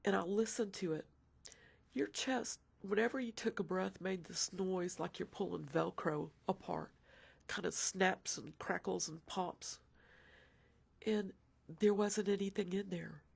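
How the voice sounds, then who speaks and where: A woman's voice: medium pitch, fairly even intonation, a little slow, gravelly, breathy edge. A woman recounting her son's childhood illness in a personal storytelling interview, emotional and dropping into whispers as she voices the doctor.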